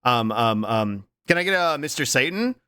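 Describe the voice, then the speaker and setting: A man chats on a live stream with his viewers in a bright, forceful voice whose pitch swings all over. He talks loosely, bursts into loud laughter and drops briefly into character voices. The sound is dry and close to the mic. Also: clear, resonant tone, no room sound. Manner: animated, laughs loudly, slips into quick character voices. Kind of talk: casual live-stream chat.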